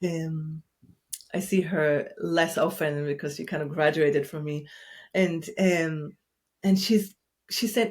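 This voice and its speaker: A woman therapist speaking in a gentle, soothing, unhurried way during a reflective conversation. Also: low-pitched, fairly even intonation.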